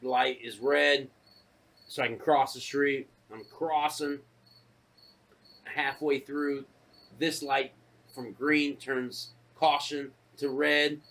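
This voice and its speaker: A man co-hosting a podcast, telling a casual story full of profanity and acting out his own shouted lines. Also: mid-range voice, takes it slowly, pauses often. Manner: profane, animated, acts out shouted quotes. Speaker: podcast co-host.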